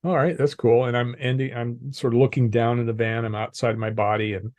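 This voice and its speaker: Older man, calm measured storyteller, mid pitch, dry close sound. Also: no room sound. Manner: calm, measured, laughs often. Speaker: podcast guest, executive coach. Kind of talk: storytelling in an interview.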